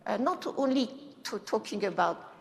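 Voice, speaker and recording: A woman's voice: medium pitch, lively intonation, creaky. Impassioned woman speaker in a reverberant hall. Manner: impassioned, halting non-native phrasing. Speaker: panel speaker. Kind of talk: panel discussion. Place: conference hall.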